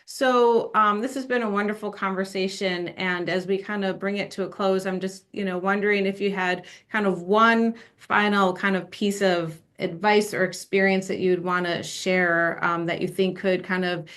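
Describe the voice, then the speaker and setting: A woman hosting an interview podcast, speaking gently and encouraging her guest with frequent short affirmations. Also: mid-range voice, fairly even intonation, moderate pace, few pauses. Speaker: podcast host. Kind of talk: conversational interview.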